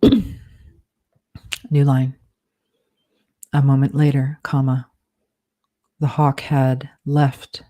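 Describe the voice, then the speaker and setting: A woman author dictating her novel aloud, slowly and deliberately, speaking punctuation marks and edit commands between phrases. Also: a bass voice, warm tone.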